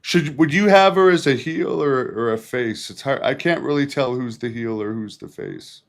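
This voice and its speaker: A man hosting an interview podcast, asking halting, rambling questions. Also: medium pitch. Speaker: podcast host.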